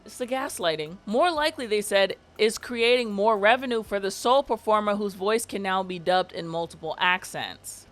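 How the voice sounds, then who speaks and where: A woman of middle pitch, neither high nor low, reads out news snippets in a commentary video. She regularly breaks off into dry, sarcastic remarks of her own. She has the unhurried delivery of a young adult host talking straight to her audience. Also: a bit bright. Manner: wry, sarcastic asides. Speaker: commentary YouTuber. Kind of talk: reading news excerpts with commentary.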